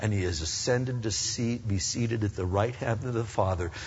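A man preaching a sermon with emphatic swings between loud rising appeals and hushed earnest passages. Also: fairly low pitch, normal speed, a little hiss or hum. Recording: dull recording in a reverberant hall.

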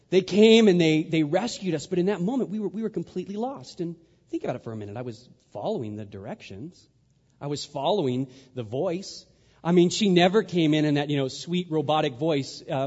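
A man giving a sermon, telling a story with lively acted-out voices. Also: fairly high pitch, fairly quick. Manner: animated storyteller, acts out voices. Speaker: pastor. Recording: dull sound in a reverberant hall.

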